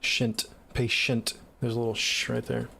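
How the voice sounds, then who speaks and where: A young man with a Seattle accent talks casually on his livestream, answering viewer comments. His voice has a gravelly, creaky edge at an ordinary pitch. He jokes and swears in an easygoing, offhand way. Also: level tone, unhurried, loud music behind the voice. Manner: laid-back, profane, joking. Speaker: livestreaming music producer.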